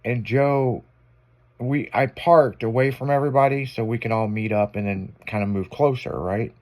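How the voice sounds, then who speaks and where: A man's voice: mid-range voice, normal speed, darkish tone. A man hosting a casual afternoon radio show, telling a story with lots of swearing and acted-out quotes.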